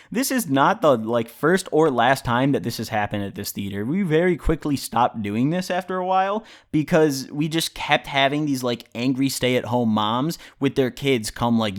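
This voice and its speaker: Rambling, cussing young-sounding storyteller man. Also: medium pitch. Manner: rambling, heavy use of "like" and profanity. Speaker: vlogger. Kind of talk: casual storytime vlog.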